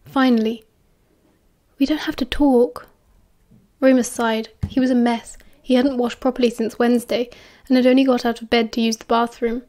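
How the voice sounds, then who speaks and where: A woman with a British accent reading a novel aloud as audiobook narration, dropping softly into hushed voices for the dialogue. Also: on the high side, level tone, fairly quick, hardly any pauses. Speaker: fan audiobook reader.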